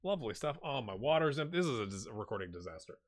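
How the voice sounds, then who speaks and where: A man's voice: mid-range voice, very animated, fast talker. A man in his forties giving casual, rambling, self-deprecating commentary over a game he is playing. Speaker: gaming YouTuber. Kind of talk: casual let's-play commentary.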